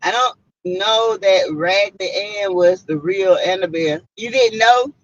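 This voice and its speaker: On a casual live stream, a woman with a Southern accent chats away to her viewers, dropping "mm-mm" and "y'all" throughout. Her mid-range voice is unhurried and the recording dry, though slightly muffled and lo-fi.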